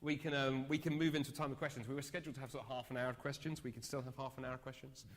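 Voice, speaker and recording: A man giving an evangelism training talk, telling a story with lively, self-mocking humor. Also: mid-range voice, very fast. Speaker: speaker. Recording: echoey hall sound.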